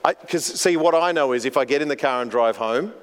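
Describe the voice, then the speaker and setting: Earnest pastor preaching in a reverberant hall. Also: male voice, medium pitch, brisk. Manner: earnest, storytelling with frequent repeated words. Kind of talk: sermon.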